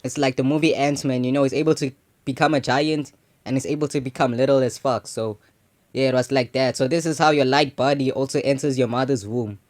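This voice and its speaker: A man's voice: mid-range voice, fairly even intonation, brisk. A young adult man telling a personal story in a loose, slangy way, filling his talk with casual asides. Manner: slangy and loose, full of "you know what I'm saying" fillers. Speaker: channel host.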